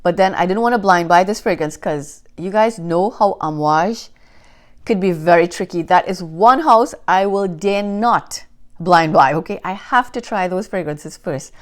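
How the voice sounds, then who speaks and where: Lively woman gushing about fragrances. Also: fairly low pitch, measured pace. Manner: enthusiastic, animated storytelling. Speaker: fragrance reviewer. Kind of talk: casual chat to camera. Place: Canada.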